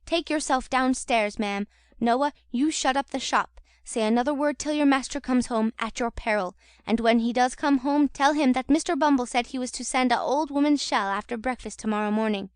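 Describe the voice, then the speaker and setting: A woman's voice: high-pitched, moderate pace, clean tone, dry recording, studio quality, natural voice. A woman voicing a pompous, indignant male parish beadle who scolds and moralizes. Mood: stern.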